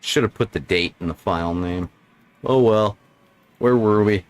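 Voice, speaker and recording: A man's voice: fairly low pitch, unhurried, smooth, no room sound. A man streaming a video game, talking into a desk microphone in casual, jokey and sarcastic commentary that rambles along.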